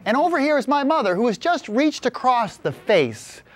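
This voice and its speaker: Animated male storyteller with a very high voice. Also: moderate pace. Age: 40s. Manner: animated, with vocal sound effects. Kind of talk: comic storytelling performance.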